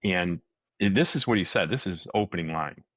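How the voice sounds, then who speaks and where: A man's voice: sits low, animated, moderate pace, fairly bright tone, dry recording, rough recording. A man co-hosting a podcast, telling a story casually and acting out the quotes, with many restarts. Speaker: podcast co-host.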